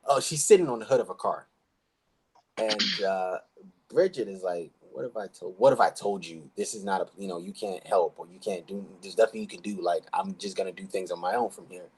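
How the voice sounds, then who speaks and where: A man's voice: low-pitched, a little fast, a little hiss or hum, poor audio. A man co-hosting a podcast, casually recapping a TV episode in a rambling way and acting out the characters' lines. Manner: rambling retelling with acted-out quotes. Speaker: podcast co-host. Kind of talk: casual show recap chat.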